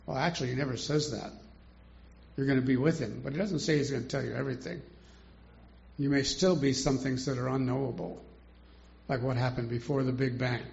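Older male Bible teacher, gravelly and a bit high, informal and chuckling, muffled lo-fi recording. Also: steady tone, a little fast, a little mellow. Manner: chatty, rhetorical questions, chuckles often.

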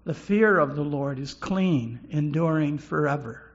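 A man preaching a sermon slowly and haltingly, often repeating words as he goes. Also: a little high, lo-fi sound. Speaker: pastor.

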